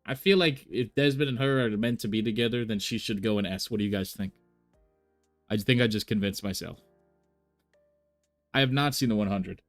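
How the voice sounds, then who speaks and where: A man's voice: lowish voice, normal speed, pauses often, faint music behind. A man chatting casually on a live stream, thinking aloud with many fillers and restarts. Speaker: reaction streamer.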